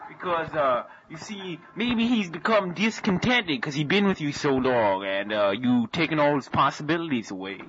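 A man's voice: on the high side, expressive, normal speed, hardly any pauses. A man voicing a folksy male sidekick detective with a drawl who keeps saying "boy", in an amateur improvised radio comedy. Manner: drawling, ends lines with "boy". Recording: muffled lo-fi tape with loud hiss.

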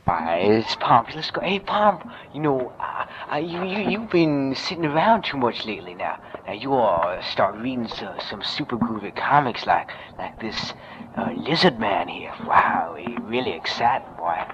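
A man's voice: mid-range voice, very animated, normal speed, few pauses. A man in a homemade radio comedy, talking in a drawling put-on country slang. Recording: muffled lo-fi tape with noise.

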